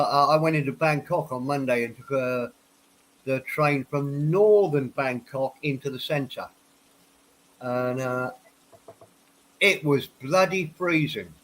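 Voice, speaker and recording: A man's voice: mid-range voice, expressive, a little slow, fairly bright tone, low-quality recording. A man hosting a casual livestream chat, stuffed up from a head cold and a few whiskeys in, rambling and restarting his words. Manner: tipsy after a few whiskeys. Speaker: livestream host. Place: home office.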